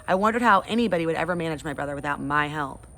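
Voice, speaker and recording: A woman's voice: low voice, animated, very fast, fairly bright tone. A woman reading a chapter book aloud to her class, then chatting in a friendly way. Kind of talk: read-aloud storytelling.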